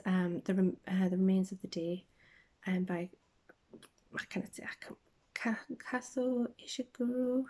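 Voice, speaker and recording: A woman hosting a casual podcast, rambling through book chat with lots of ums and tangents, sometimes dropping to a soft half-whisper, recorded on a phone. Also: mid-range voice. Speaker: podcast host. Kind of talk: casual chat about books.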